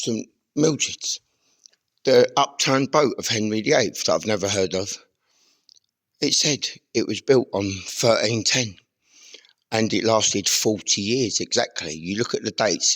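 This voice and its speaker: Man, low husky voice, intense rambling monologue, confrontational, outdoors in a churchyard. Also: a bit bright. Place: outdoor churchyard among graves.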